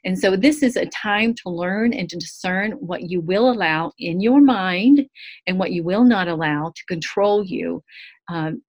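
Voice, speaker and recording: Woman teacher leading a recorded Bible study, earnest and lively, a bit low in pitch. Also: a little slow, dull audio. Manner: earnest, animated, acts out quotes. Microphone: screen-share video call.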